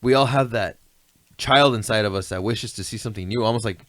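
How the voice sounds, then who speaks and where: A man's voice: on the low side, fairly quick, fairly bright tone, no room sound. A man telling stories in a laid-back, rambling way, often asking "you know what I mean". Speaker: guest. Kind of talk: casual storytelling chat.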